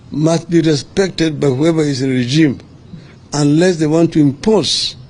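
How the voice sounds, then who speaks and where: An older Kenyan man delivers a press statement in a measured, deliberate way. His voice is a little high for a man but mellow and soft-edged. He pauses and restarts now and then while he answers reporters. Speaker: opposition leader at a press briefing.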